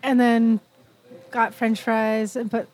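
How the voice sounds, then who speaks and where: A woman's voice: a little high, level tone, slow, a little mellow. A woman from Canada chatting casually over a meal, with lots of "like" fillers. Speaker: interviewee.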